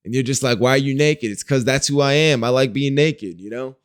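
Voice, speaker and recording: A young man speaking straight to his camera in a loose, diary-style vlog. His voice is smooth and clear, at an ordinary pitch for a man. He wanders from thought to thought, full of slang and easygoing fillers. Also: a little fast. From Wisconsin, US. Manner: rambling, slangy, frequent "like" and "you know". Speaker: vlogger. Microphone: talking to a camera.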